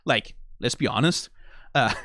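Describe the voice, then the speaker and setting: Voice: medium pitch, lively intonation, a little slow, fairly bright tone, dry recording, clean studio sound. A streamer from Denmark with a Danish accent, giving casual, rambling reaction commentary full of fillers and swearing. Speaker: video reactor.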